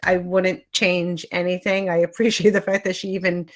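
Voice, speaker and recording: A woman's voice: on the low side, flat delivery, normal speed. A middle-aged woman co-hosting a podcast, chatting casually with lots of fillers and amused asides. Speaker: podcast co-host. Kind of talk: casual chat.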